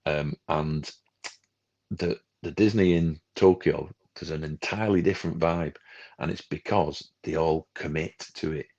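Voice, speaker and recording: A man's voice: rumbling low, fairly even intonation, unhurried, a little mellow. A man co-hosting a film club podcast, chatting casually and ranting animatedly, acting out the people he quotes. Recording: dull lo-fi livestream audio.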